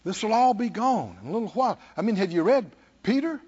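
A man's voice: high voice, lively intonation, fast talker, a little mellow, breathy edge, highs cut off. A man preaching a sermon, repeating phrases and putting questions to his listeners.

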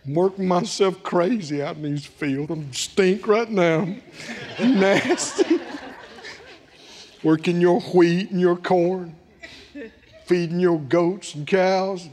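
A man's voice: high voice, slow, pauses often, darkish tone. A man voicing a resentful, self-pitying elder brother who complains that he was never rewarded. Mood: aggrieved. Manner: whining, complaining. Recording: long hall reverb.

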